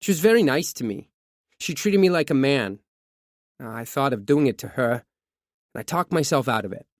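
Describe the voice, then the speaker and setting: Casting: male audiobook narrator, mid-pitched, measured confessional reading, dry close-miked sound. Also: expressive, no echo. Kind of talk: scripted true crime narration.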